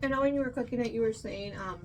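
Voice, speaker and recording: A woman chatting casually while tasting a meal, relaxed and agreeable, often murmuring along. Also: on the high side, fast talker, faint music behind. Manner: relaxed, agreeable, lots of mm-hmms. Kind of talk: casual chat.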